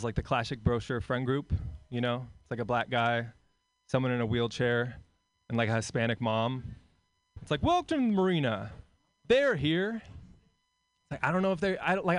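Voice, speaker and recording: A man's voice: medium pitch, smooth, no echo. A man performing stand-up comedy on a club stage, chatting with the crowd and acting out characters. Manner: crowd work, acts out kids in voices. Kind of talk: stand-up set.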